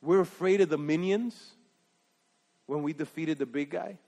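A man preaching a sermon, animated and emphatic, swinging from loud exclamations to hushed remarks. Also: fairly high pitch, unhurried. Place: church sanctuary. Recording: long hall reverb.

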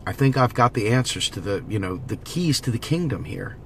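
A man's voice: medium pitch, lively intonation, brisk, fairly bright tone, a little hiss or hum. A man giving an impassioned direct-to-camera monologue, preachy and urgent, repeating slogans as he rallies his viewers. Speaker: political vlogger.

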